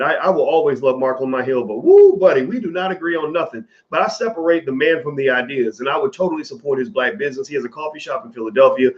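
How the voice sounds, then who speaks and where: A man's voice: on the high side, highs cut off. A man in his forties giving casual, rambling commentary straight to his viewers, swearing freely.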